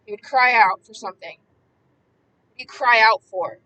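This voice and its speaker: A woman giving impassioned Bible commentary, emphatic and repetitive, swinging between hushed words and loud ones. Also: a little high, unhurried, long pauses, far from the mic, lo-fi sound. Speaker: preacher.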